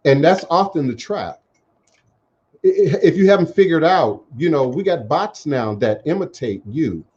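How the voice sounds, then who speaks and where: A man hosting a call-in talk radio show, speaking in measured, emphatic, repeated phrases. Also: on the high side, lively intonation, darkish tone. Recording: dull lo-fi internet radio audio.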